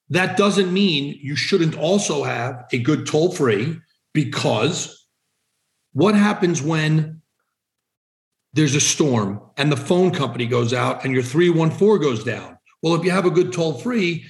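A man's voice: on the high side, reverberant. A man answering podcast questions about business phone numbers in a direct, emphatic way. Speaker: vanity phone number seller. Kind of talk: conversational podcast interview answers.

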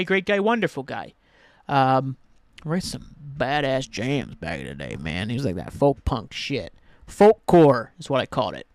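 A man's voice: on the high side, no echo, studio quality. A man hosting a solo podcast, rambling casually and ranting with lots of swearing. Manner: rambling and ranty, swears freely. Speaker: podcast host.

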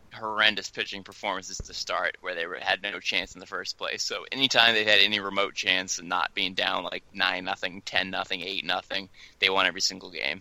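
A man co-hosting a casual baseball talk show, chatty and lively, often mimicking players in quotes. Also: low-pitched, gravelly, no room sound, low-quality recording. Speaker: sports podcast co-host.

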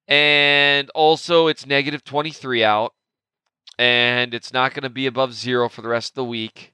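A man in his thirties hosting a casual sports talk show, animated and exasperated, rambling with jokes. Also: medium pitch, normal speed, clear, resonant tone, dry recording. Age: 30s. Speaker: sports podcast host.

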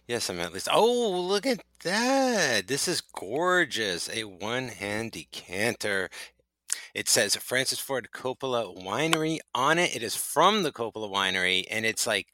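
A man co-hosting a podcast in casual chat, animated and playful, laughing often as he banters. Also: on the low side, unhurried, dry recording. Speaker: podcast co-host.

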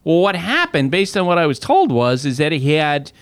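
A man's voice: a little high, very animated, normal speed, clear, resonant tone, dry recording. A man talking baseball as an analyst on a casual podcast, telling stories conversationally, with restarts and laughs.

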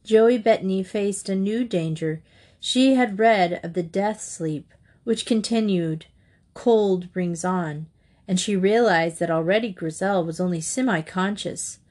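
A woman reading a classic children's novel aloud in a measured storytelling manner. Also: mid-range voice, darkish tone. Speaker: audiobook narrator.

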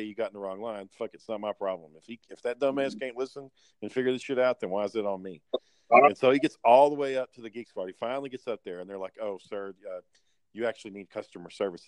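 A man's voice: fairly low pitch, no room sound. Man, casual storyteller, blunt and profane, dry close sound.

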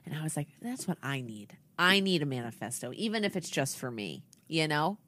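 A woman in casual chat, trading playful quick quips. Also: low voice, big pitch swings, fairly bright tone, no room sound.

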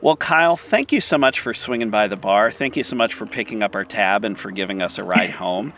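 A man's voice: on the low side, fairly quick, fairly bright tone, soft background music. A man co-hosting a podcast, chatting in a dry, joking way. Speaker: podcast co-host. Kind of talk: casual chat.

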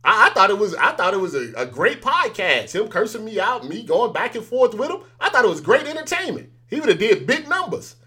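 A man's voice: high voice, very animated, brisk, few pauses, bright, forceful tone. A man as an interview guest, chatting casually and telling stories animatedly, acting out the exchanges he quotes.

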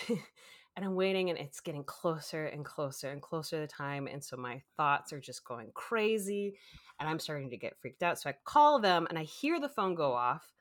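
A woman's voice: deep voice, animated, moderate pace. A woman co-hosting a podcast, casually telling a long story, acting out quotes and laughing often. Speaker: podcast co-host.

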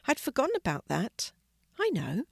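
An older woman reading a storybook, voicing a kind, calm mother who speaks gently. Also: fairly high pitch, moderate pace, creaky, breathy edge, dry recording, studio quality, pitched above the performer's own voice, heavily acted.

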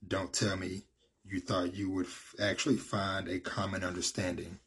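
A man's voice: low-pitched, little pitch movement, normal speed, a bit bright, husky. A man reading as a scornful ghost of an old king.

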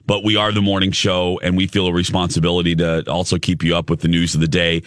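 A man hosting a morning radio show, telling stories in a casual, animated way and laughing often. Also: low voice, fast, dry recording, clean studio sound. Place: radio studio. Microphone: studio microphone.

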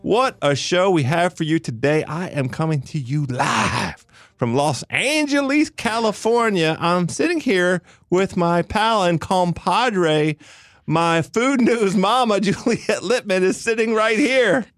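Animated man hosting a food podcast. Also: sits high, unhurried, no echo, clean studio sound. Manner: animated and hammy, playful banter. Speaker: podcast host. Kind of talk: casual food podcast chat.

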